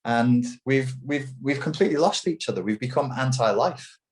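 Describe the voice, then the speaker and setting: A man's voice: mid-range voice, moderate pace. A man as an interview guest, talking emphatically and mockingly, with plenty of swearing. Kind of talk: heated opinionated talk.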